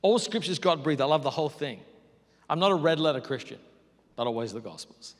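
A man preaching a sermon as pastor, moving between loud bursts and hushed near-whispers. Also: a little high, expressive, brisk. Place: large church hall. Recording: hall reverb.

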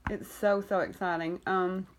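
A woman's voice: mid-range voice, steady tone, a little slow. A woman giving a casual vlog update on her foster kittens, rambling with many ums, cooing at the cats now and then, and coughing while she gets over an illness. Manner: coos affectionately at the kittens. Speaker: cat rescuer and foster carer.

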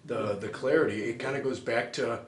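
A male interviewer asks curious follow-up questions in a mid-pitched voice. His voice carries a noticeable room echo. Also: a little fast. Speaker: interview host.

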